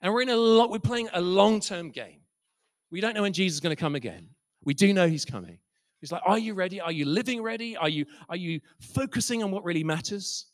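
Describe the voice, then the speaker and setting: Impassioned man preaching, high voice. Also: animated, brisk, no room sound. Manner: impassioned, swings from soft to loud, acts out quoted voices. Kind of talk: sermon storytelling.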